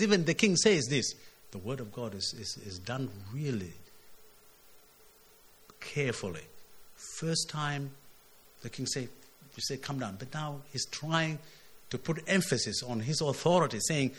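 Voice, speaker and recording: A man's voice: medium pitch, animated, moderate pace, husky. A man preaching a sermon, walking through a scripture passage, often asking his listeners "isn't it?" and lifting his voice when he quotes the text. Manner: expository, asks "isn't it?", surges loud on quotes.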